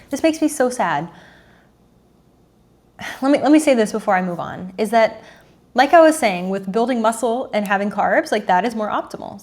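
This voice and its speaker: A woman in her thirties, a dating coach, talking earnestly and emotionally to camera, repeating herself and sighing. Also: medium pitch.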